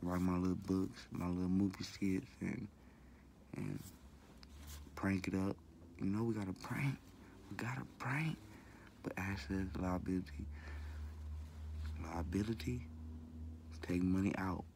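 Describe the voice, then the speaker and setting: A deep, gravelly-voiced man rambles on in a loose, slangy, repetitive way, cussing now and then. He talks casually to his viewers with a low, rough tone. Faint background noise sits under his voice. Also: steady tone, unhurried, pauses often, a little mellow. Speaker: vlogger. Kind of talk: casual talk to camera.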